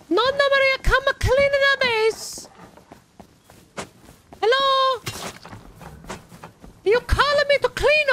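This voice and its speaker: A man's voice: very high voice, voice pushed up. A young man putting on an Italian accent to play a pushy little Italian grandmother in her seventies who comes to clean, speaking broken English in game voice chat. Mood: pleading.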